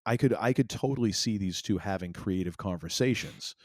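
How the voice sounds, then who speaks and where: A man's voice: fairly low pitch, brisk, a little mellow, no echo, clean studio sound. A man from Maine co-hosting a wrestling podcast, talking in a loose, rambling way with many fillers and restarts. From Maine, USA. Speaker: podcast co-host. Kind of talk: casual chat.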